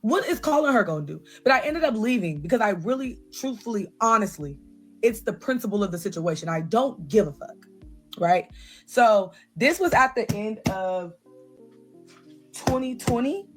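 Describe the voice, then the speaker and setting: A young woman telling a personal story in a casual, blunt and profane way, with lively asides to her viewers. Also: medium pitch, normal speed, faint music behind.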